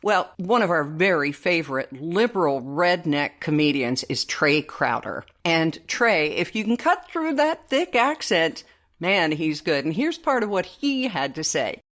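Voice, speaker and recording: Outspoken woman podcast host, low voice. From Alberta, Canada. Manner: lively and outspoken, quick to laugh. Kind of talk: casual podcast chat. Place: home living room.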